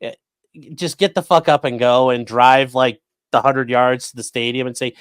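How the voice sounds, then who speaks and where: A man's voice: medium pitch, normal speed, clear, resonant tone, no room sound. A man hosting a live stream, giving casual, sarcastic and profane commentary that rambles along. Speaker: streamer host.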